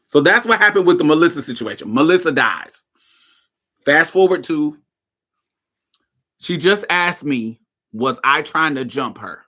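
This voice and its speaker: A woman podcast host telling a story in a casual, animated, profane way. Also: low voice, takes it slowly, pauses often. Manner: animated, profane, dramatic retelling.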